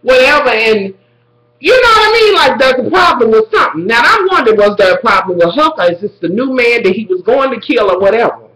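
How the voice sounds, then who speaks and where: A man's voice: very high-pitched, sing-song, brisk, bright, forceful tone, echoey room, rough recording. A man recapping a TV episode casually to his viewers, dramatic and profane. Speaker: TV recap vlogger.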